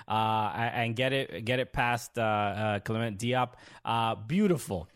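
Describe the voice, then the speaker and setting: Halting man recapping soccer games. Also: on the low side, clean tone. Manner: halting, many fillers and restarts, earnest. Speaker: podcast host. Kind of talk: casual sports recap.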